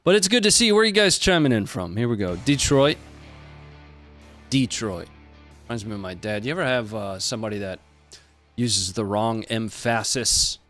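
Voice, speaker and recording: A man's voice: fairly low pitch, fairly bright tone, dry recording. Casual American male livestream host. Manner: loose, joking, greets chat by place names.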